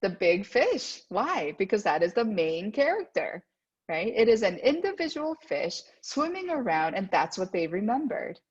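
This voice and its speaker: A woman's voice: medium pitch, sing-song, moderate pace, husky. A woman giving a presentation to parents as a guest speaker at a school. She often checks in with "right?" and acts out the voices she quotes. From United States. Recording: dull lo-fi sound.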